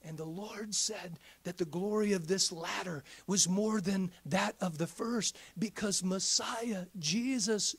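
A man preaching a midweek sermon in a church, swinging from hushed whispers up to shouts. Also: high-pitched, takes it slowly, hardly any pauses, slightly rough. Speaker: pastor.

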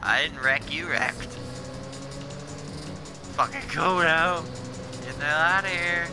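A man commentating his video game play, excitable and swearing, shouting at what happens on screen. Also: a little high, slow, music in the background. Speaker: streamer. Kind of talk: gameplay commentary. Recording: game sounds over the voice.

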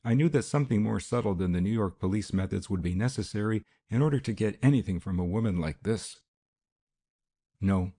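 A man narrating a detective novel as an audiobook in a measured, even reading style. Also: lowish voice, slightly rough. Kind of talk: scripted narration.

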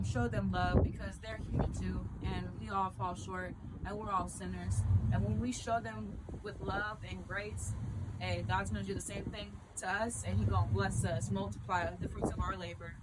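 A woman from Arizona, a musician and street evangelist, talking in a fervent, preachy casual vlog outdoors by a store. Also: medium pitch. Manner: fervent, preachy, says things loudly. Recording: outdoor street noise with traffic.

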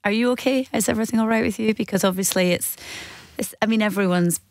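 A woman interviewing a guest on the radio, asking questions gently and tentatively. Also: mid-range voice, fast, dry recording.

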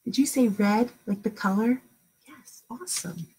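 A woman teaching a phonics lesson to young children, with slow, drawn-out sounds and lots of praise. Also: mid-range voice, mellow, slight background noise. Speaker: kindergarten teacher.

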